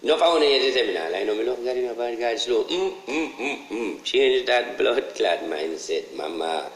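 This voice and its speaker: An online ranter with a Jamaican accent delivers a casual, preachy monologue that's profane and repetitive, his expressive voice jumping high whenever he drives a point home. He speaks at a moderate pace, and the audio is poor and reverberant.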